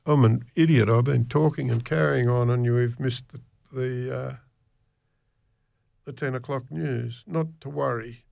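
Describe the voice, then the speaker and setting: Old guy in his 80s on the radio, slow and meandering, bit gravelly. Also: mid-range voice, fairly even intonation, darkish tone, dry recording. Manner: chatty, meandering, self-deprecating. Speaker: radio presenter. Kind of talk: rambling casual radio chat.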